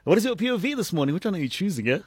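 A man hosting a lively morning radio show, mixing English with Zulu slang. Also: sits high, rapid-fire, breathy edge, dry recording.

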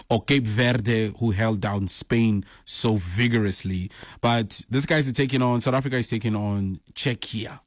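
A Namibian football fan vlogger talks casually to camera about football in a mid-range voice, recorded clean in a studio with no room sound. He teases with mock-exasperated rhetorical questions.

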